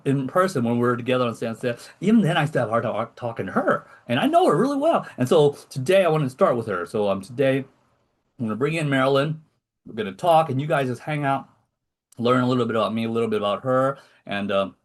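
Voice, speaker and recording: A man hosting a casual podcast over a video call, rambling and self-deprecating as he talks. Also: medium pitch. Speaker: podcast host. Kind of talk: casual chat.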